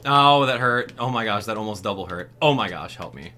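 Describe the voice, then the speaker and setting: A man hosting a video game walkthrough, commenting in an excitable way and exclaiming often. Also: mid-range voice, moderate pace, soft background music. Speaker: gaming channel host.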